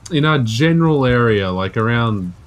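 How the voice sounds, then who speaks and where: A man's voice: medium pitch, expressive, normal speed, noisy background. Joking young Australian man. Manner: joking, sarcastic, laughs often. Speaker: podcast co-host. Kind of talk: casual chat.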